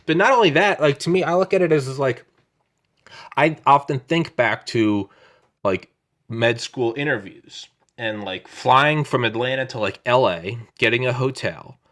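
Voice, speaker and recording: In his thirties, this male podcast host has a medium-pitched voice and a measured pace. He chats casually over a video call on his own microphone, rambling and swearing through animated stories.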